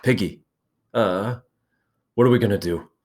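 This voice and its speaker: A haunted boy leader who speaks low and strained, with his voice pushed up only slightly, as a man reads him aloud. He sounds shaken and brooding and keeps his words heavy. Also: measured pace, darkish tone, lightly acted. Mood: hesitant. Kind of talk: reading a novel aloud with voices.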